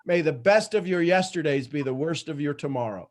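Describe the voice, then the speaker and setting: A man in his fifties hosting a live coaching call, blunt and emphatic, swinging between loud lines and hushed ones. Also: fairly high pitch, lively intonation, brisk. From Ireland. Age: 50s. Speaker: host and coach.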